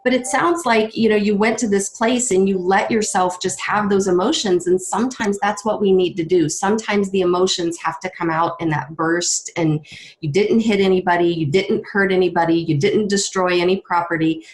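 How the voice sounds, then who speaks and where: A woman's voice: mid-range voice, steady tone, normal speed. A woman hosting a podcast, explaining things in a reflective, affirming way. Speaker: podcast host. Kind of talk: conversational interview.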